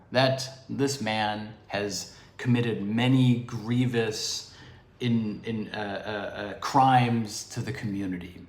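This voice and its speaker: Expressive male philosophy lecturer, echoey room. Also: fairly low pitch. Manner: expressive, digressive explaining with asides. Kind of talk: improvised livestream lecture. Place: improvised home recording studio. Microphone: device camera propped on DVDs.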